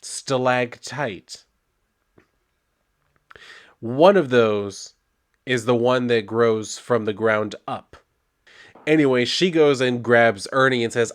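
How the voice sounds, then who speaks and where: A man's voice: mid-range voice, measured pace. A man casually retelling a comic book issue, reading its dialogue plainly and adding wry asides. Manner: relaxed, wry asides and fillers.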